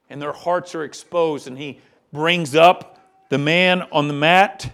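A man preaching a sermon as pastor, with impassioned delivery that swings between loud and hushed. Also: on the high side, measured pace, creaky.

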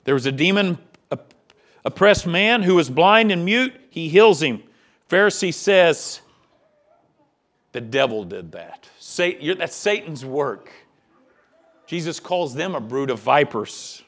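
A male pastor delivering a sermon with a fairly high voice. His preaching is impassioned, swelling loud and then dropping to a hush.

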